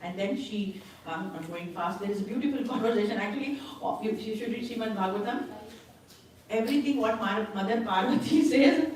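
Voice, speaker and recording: A woman's voice: mid-range voice, brisk, darkish tone, distant mic. Woman retelling scripture in echoey hall. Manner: retells a story with acted quotes and laughs. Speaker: spiritual class speaker. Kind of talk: storytelling scripture class. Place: temple hall.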